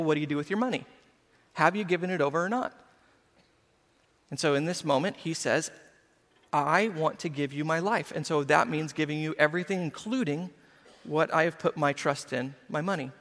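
A male pastor preaching a sermon in an animated, emphatic way with conversational asides. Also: on the high side, in a large hall.

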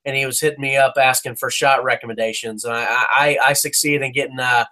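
A man's voice: medium pitch, fairly even intonation, fast talker, bright, forceful tone. A man co-hosting a casual sports podcast, ranting with heat, swearing and stumbling over restarts. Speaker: podcast co-host.

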